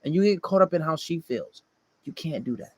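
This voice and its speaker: A man's voice: fairly high pitch, expressive, fairly quick, slightly rough, no echo. A man delivering a blunt, profane dating-advice monologue to male listeners, often mocking the people he quotes.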